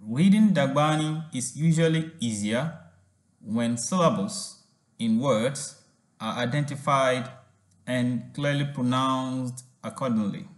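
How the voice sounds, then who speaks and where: A man giving a language lesson, reading slowly and sounding out words syllable by syllable. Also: mid-range voice, echoey room. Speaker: language teacher.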